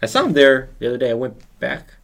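A man's voice: medium pitch, sing-song, fast talker, creaky, fairly bright tone. A man on a casual podcast with friends, telling stories and teasing the others dryly. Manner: teasing, dry storytelling. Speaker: podcast co-host. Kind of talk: casual chat among friends.

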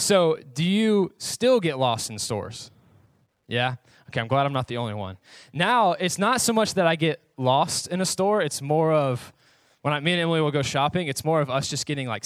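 A man's voice: a little high, fairly bright tone, no echo. A young adult man, a pastor, preaching a sermon in a casual, joking way, reading scripture and telling personal stories to his audience.

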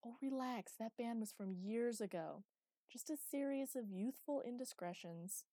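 A woman's voice: fairly high pitch, a little slow, mellow, no room sound, clean studio sound, voice pushed up. A woman reading the part of a cocky young male pilot who talks in a breezy, sarcastic way. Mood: flippant.

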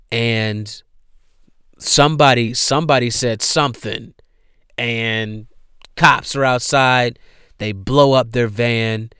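A man's voice: mid-range voice, clean tone, no echo. Man talking through a movie plot off the cuff, cursing, voicing characters; resonant voice, dead-dry room. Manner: profane, animated storytelling with quoted dialogue. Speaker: movie reviewer. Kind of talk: casual movie recap.

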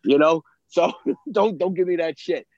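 A man's voice: fairly high pitch, a little slow, a little mellow, no room sound. Male co-host, foul-mouthed and blunt, muffled dry recording. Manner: blunt, profane, ranting. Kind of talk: casual chat. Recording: dull lo-fi, dry.

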